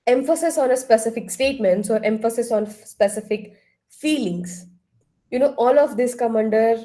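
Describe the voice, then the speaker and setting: A woman leading an online counseling workshop, asking the group questions and now and then clearing her throat. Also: a little high, dark tone. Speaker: workshop trainer. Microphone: laptop far across the room.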